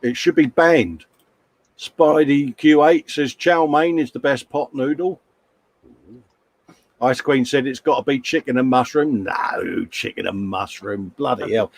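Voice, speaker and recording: A man's voice: medium pitch, unhurried, vocal fry. A man, co-hosting a live stream and chatting casually while reading viewer comments aloud. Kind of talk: casual banter.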